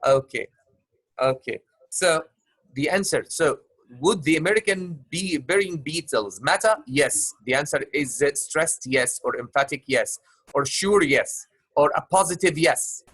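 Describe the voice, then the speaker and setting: A male teacher running an online class, his voice sitting a little high and sounding dry and close. He circles each question several times, fills gaps with uhs, and addresses his students fondly as love. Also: lively intonation, measured pace, husky, dry recording. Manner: repeats and rephrases questions, many filler uhs; warm, calls students love. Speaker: English teacher.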